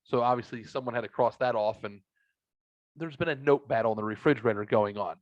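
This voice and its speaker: A middle-aged man hosting a casual podcast, telling rambling stories with lots of swearing and animated quoted voices, on a headset mic. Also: fast, no room sound, highs cut off. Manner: rambling storyteller, swears a lot, bursts into high excited quotes. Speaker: podcast host.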